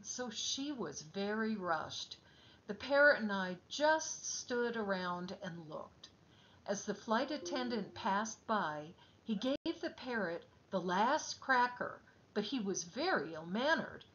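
A woman reading a children's story aloud in a gentle, expressive way. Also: medium pitch, dull audio.

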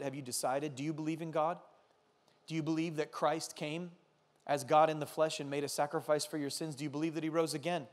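A man in his thirties preaching a sermon as a pastor, urging his listeners with animated, earnest exhortation. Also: fairly high pitch. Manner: animated storytelling, urgent exhortation.

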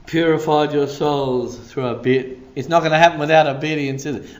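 A man, a pastor preaching a sermon in church, animated, laughing often as he acts out little scenes. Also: a little high, a little slow.

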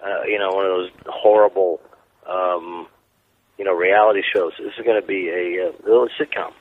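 A man in his forties from the United States, a comedian guest in a radio studio interview, rambling through jokey asides in a deadpan way. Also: low-pitched, normal speed, phone-quality sound. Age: 40s.

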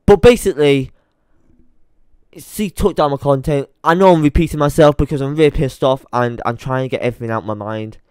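A man's voice: mid-range voice, brisk, a little mellow, smooth, no room sound, studio quality. A young man ranting to camera, rambling and swearing as he mutters to himself while searching his computer late at night, tired. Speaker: YouTuber. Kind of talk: frustrated rant to camera.

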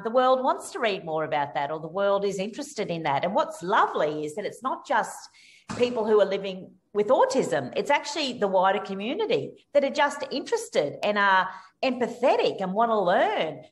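A woman speaking as an interview guest, telling anecdotes animatedly over a video call. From Australia. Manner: animated storytelling, rises sharply in pitch for lively anecdotes. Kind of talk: conversational interview.

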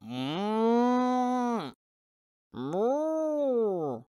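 Grandma mooing as a gentle storybook cow. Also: female voice, on the high side, sing-song, clear, resonant tone, no echo, pitched above the performer's own voice, full character voice. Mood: placid. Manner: slow drawn-out mooing.

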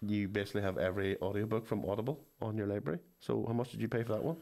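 A man's voice: lowish voice, fairly even intonation, very fast, vocal fry, dark tone. A man co-hosting a podcast who teases his partner in dry, casual banter. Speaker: podcast co-host.

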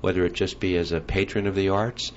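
A man hosting an interview show, speaking in a measured way with hesitant ums. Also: low voice, fairly even intonation. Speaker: talk show host. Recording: dull lo-fi sound with faint hiss.

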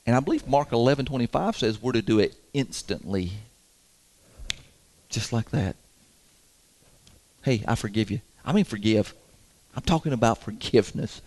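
Folksy, animated male preacher. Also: mid-range voice, normal speed, long pauses. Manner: folksy and emphatic, chuckles often. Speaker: pastor. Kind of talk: sermon. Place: church sanctuary.

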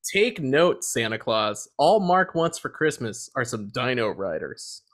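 Lively profane male podcast host. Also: mid-range voice, a little slow. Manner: animated, profane, breaks into silly character voices. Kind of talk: casual chat.

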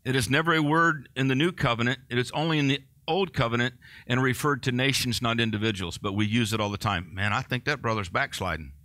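Bright-voiced joking male pastor. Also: medium pitch, fast, dry recording. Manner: joking, self-mocking, conversational preaching. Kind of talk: sermon.

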